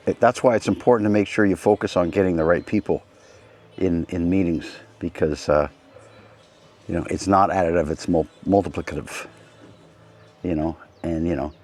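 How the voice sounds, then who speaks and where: Low-voiced man rambling through stories. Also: darkish tone. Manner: rambling, anecdotal, with frequent restarts and asides. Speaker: host. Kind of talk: casual rambling monologue.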